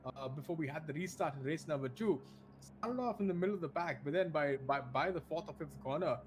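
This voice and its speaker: An Indian esports commentator calls an online racing event live, chatty, laughing easily and full of restarts. His voice is on the high side and brisk, with soft music in the background.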